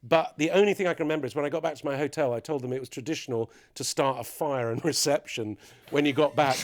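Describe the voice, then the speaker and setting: A man's voice: a little high, quick pace, no room sound. A middle-aged man, a podcast guest, telling mischievous stories in casual chat and laughing often.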